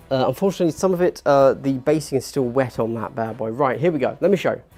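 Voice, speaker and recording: Gravelly-voiced chatty man. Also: mid-range voice, fairly quick. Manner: chatty, animated, gets worked up and self-deprecating. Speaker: livestream host. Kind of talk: casual hobby livestream chat. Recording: faint background music.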